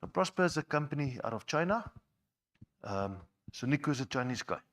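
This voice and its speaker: A man's voice: mid-range voice, sing-song, fairly quick, fairly bright tone. A man giving a personal testimony to a church, conversational and repeating words as he goes. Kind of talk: personal testimony told to a congregation.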